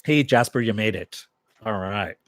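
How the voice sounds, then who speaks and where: A man's voice: on the low side, moderate pace, dry recording. A man casually recapping a TV episode in a chatty way, chuckling and acting out characters' lines in a raised voice. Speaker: TV episode reviewer.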